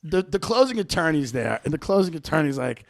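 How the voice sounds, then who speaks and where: A man in his thirties spins a comic story as a podcast host, brash and profane. His voice is high and swings widely in pitch, with a gravelly rasp running underneath. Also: very animated, a little fast.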